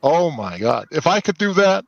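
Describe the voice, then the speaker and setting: A man chatting casually on a drawing stream, animated and quick to laugh. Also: a little high, gravelly, no room sound. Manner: laughs often, animated storytelling. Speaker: co-host of an art stream. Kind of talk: casual chat. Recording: dull dry sound.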